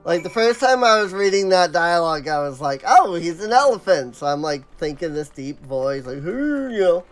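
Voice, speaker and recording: Casting: a high-voiced male let's play host, chatty and rambling over the game. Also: lively intonation, normal speed, soft background music. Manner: chatty, rambling, dismissive asides. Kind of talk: casual gameplay commentary.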